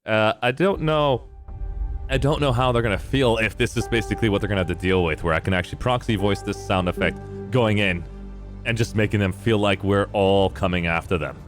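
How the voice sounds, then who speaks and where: A man's voice: lowish voice, fairly quick, soft background music. A male game streamer chatting casually, reading out chat messages and rambling in response.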